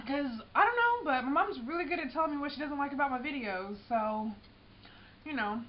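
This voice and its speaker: A woman's voice: high voice, lively intonation, a little fast, muffled recording, a little hiss or hum. A young woman casually talking through a snack she made for her cooking vlog, using plenty of slang and tasting as she goes. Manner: chatty, slangy, tasting food while talking. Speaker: cooking vlogger.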